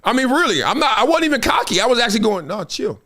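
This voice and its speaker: A middle-aged man hosting a live stream, his voice pitched high and swinging widely as he tells stories. He talks with a loose edge, acts out what other people said, and laughs and curses freely. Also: rapid-fire. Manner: animated storytelling, acts out quotes, laughs often, swears. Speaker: host. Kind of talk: animated casual live-stream talk.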